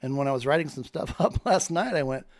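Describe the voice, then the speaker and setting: A man's voice: on the high side, lively intonation, fast, no echo, clean studio sound. A man in a fervent, preacher-like monologue that rambles from point to point. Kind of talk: spoken monologue.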